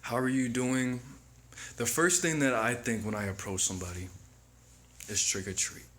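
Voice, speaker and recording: A man's voice: medium pitch, fairly bright tone, slight background noise. A man hosting his own channel, giving a reflective, preachy motivational monologue to camera. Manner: slow, reflective, preachy self-help delivery. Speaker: channel host.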